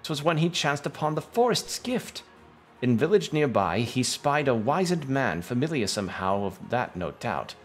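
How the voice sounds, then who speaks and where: A man's voice: mid-range voice, big pitch swings, moderate pace, faint music behind, voice pushed up. A man voicing a chatty, forgetful village wife, with an attempted British accent and old-fashioned phrasing.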